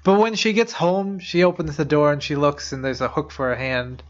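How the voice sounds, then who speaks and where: Young male podcast co-host, fairly high voice, loose filler-heavy storytelling, muffled lo-fi sound. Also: steady tone, moderate pace. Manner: rambling, many "like" fillers, blunt swearing. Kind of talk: casual chat, retelling urban legends. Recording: dull lo-fi podcast audio.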